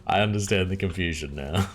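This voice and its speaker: A man's voice: deep voice, fairly quick, slight background noise. A man with an Australian accent, chatting casually and laughing often while he streams a game. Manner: chatty and relaxed, laughs often, many fillers. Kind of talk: casual live-stream chat while playing.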